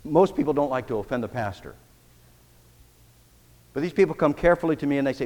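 A man preaching a sermon as pastor, emphatic, swinging between loud declarations and quiet, intimate passages. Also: medium pitch, expressive, fast, long pauses, big-room sound.

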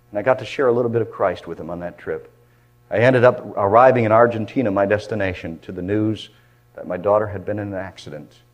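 An older man from Michigan preaching a sermon as a pastor, impassioned, swinging from loud fervent cries down to hushed near-whispers. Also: on the low side.

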